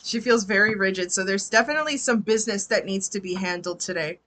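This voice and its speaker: A woman's voice: mid-range voice, fast, fairly bright tone, a little hiss or hum. A woman giving a casual live tarot reading, chatty and laughing often, swearing freely. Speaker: tarot reader.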